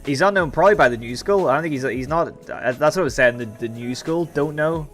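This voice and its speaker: A man's voice: on the high side, fast, soft background music. Chatty Irish man streaming live. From Ireland. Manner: rambling, chatty, answers chat. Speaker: livestream host. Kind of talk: casual live-stream chat.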